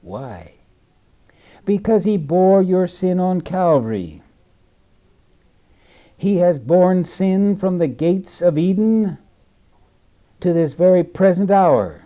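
Middle-aged guy preaching real slow, deep mellow dark tone, goes hushed then loud. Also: expressive, highs cut off. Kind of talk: sermon.

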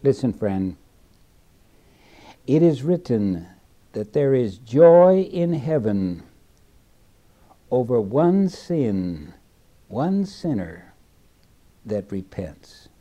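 A man preaching a sermon in a slow, deliberate way, dropping to a hush and then rising loud again. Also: mid-range voice, very animated.

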